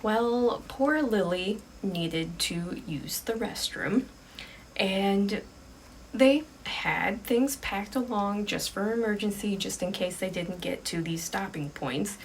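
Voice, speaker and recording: A woman's voice: medium pitch, takes it slowly, recorded from a distance, a little hiss or hum, poor audio. A woman telling an improvised ghost story in a casual, conversational way, full of fillers.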